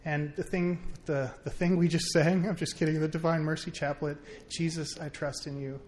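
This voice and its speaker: A man telling a rambling, animated personal story at a faith gathering, full of fillers and restarts. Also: on the high side, moderate pace, slight background noise. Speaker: friend sharing a story.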